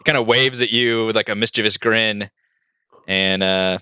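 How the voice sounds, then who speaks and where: A man narrating as dungeon master, relaxed and full of fillers. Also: lowish voice, moderate pace, smooth, no room sound, clean studio sound. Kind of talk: narrating a tabletop game.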